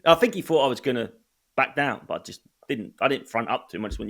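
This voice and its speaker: A man's voice: medium pitch, expressive, fast talker, vocal fry. A male comedian chatting casually, blunt and sweary, telling anecdotes from his gigs. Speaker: stand-up comedian. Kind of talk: casual chat.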